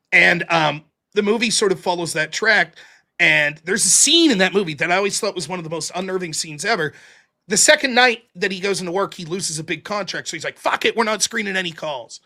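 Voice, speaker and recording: High, bright-voiced male podcast host. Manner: animated storyteller, swears freely. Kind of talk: casual chat.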